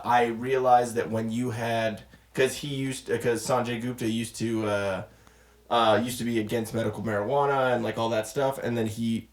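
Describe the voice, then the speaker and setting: Brief: man, podcast co-host, ranting and cussing, mid pitch, roomy echo. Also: far from the mic. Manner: ranting, profane, rambling with restarts. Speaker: podcast co-host reacting to a clip. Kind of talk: casual reaction chat.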